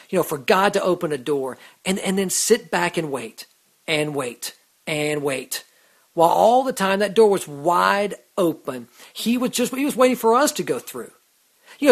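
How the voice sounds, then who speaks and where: A man's voice: high-pitched, fairly bright tone. Earnest man giving a devotional talk. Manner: earnest, full of "you know" and restarts. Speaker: host of a Christian radio show.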